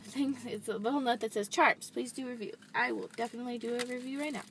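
A young woman from the United States chatting excitedly in a casual unboxing vlog, filmed on a camera set down inside a parked car. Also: fairly high pitch, fast, few pauses, very noisy. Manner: bubbly, chatty, apologetic, many "like" and "really". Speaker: vlogger. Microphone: handheld camera set down on the dashboard.

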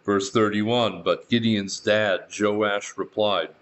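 A man's voice: lowish voice, unhurried, a bit bright, highs cut off. A male pastor reading scripture verse by verse and adding his own remarks, with dry asides in between. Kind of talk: verse-by-verse Bible teaching.

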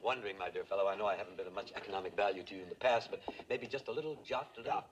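An actor playing a boozy, flowery frontier doctor with a grandiloquent, theatrical manner, in 1960s film acting. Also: male voice, low voice, rapid-fire, natural voice. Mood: blustering. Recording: film soundtrack with background noise.

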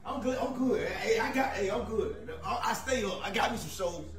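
A man playing a fed-up football fan in a comedy skit, who talks loudly, swears and uses Southern slang as he throws a friend out of his house. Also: sits high, normal speed, natural voice. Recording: roomy sound with crowd noise.

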